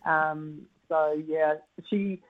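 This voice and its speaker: A woman's voice: low-pitched, fairly even intonation, very slow. A woman netball coach, calling in to a radio show and chatting casually with plenty of fillers. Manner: thoughtful, with frequent fillers and laughs. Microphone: phone call. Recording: tinny phone line.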